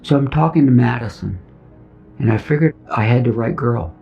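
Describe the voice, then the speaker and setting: Here a middle-aged veteran earnestly recounts his own testimony, voicing the conversations himself. He speaks at medium pitch and an even pace, with a creaky quality. Soft music plays under a dull, lo-fi recording.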